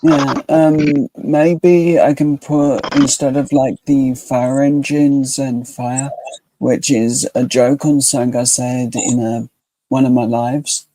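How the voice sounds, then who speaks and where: A man co-hosting a live chat stream, talking in a slow, laid-back way and trailing off mid-thought. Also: mid-range voice, flat delivery, mellow, dry recording, poor audio. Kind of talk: casual chat.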